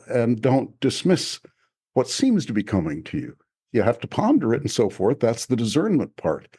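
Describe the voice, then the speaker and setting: An older man talking in a thoughtful, halting way about spiritual life, often chuckling as he speaks. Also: mid-range voice, a little mellow, husky. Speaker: podcast guest author. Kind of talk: reflective spiritual conversation.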